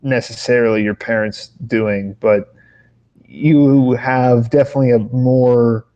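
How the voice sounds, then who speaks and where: A man co-hosting a podcast, chatting casually at a middle pitch. He rambles through his stories, swears freely and keeps breaking off to restart his sentences. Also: steady tone, a little slow, warm tone, dull audio. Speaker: podcast co-host. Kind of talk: casual chat.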